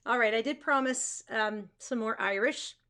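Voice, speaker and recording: A woman's voice: a little high, normal speed, sharp tone. A woman music teacher hosting a live stream, chatting casually with self-amused asides. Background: guitar music.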